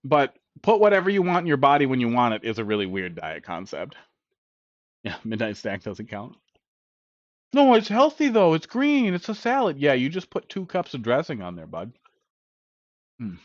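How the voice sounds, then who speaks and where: Man, cooking stream host, blunt and swearing, animated up-and-down pitch, dry close sound. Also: moderate pace, dry recording. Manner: blunt and profane, joking. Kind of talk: casual live-stream chat while eating. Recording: dull lo-fi stream audio.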